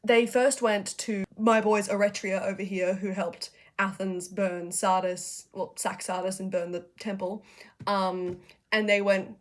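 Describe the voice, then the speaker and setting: A woman's voice: mid-range voice, steady tone. A young woman casually retelling history in a slangy, profane, chatty way, hosting a video essay. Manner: profane, chatty, acts out figures in quick asides.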